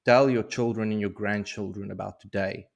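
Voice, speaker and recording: A man voicing a joyful young warrior lord with a warm, commanding manner. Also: lowish voice, fairly even intonation, moderate pace, creaky.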